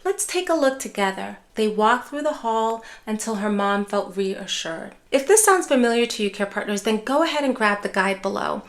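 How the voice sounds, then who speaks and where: A woman dementia care educator giving a calm, measured talk with reassuring example phrases. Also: medium pitch. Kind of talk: scripted educational talk to camera.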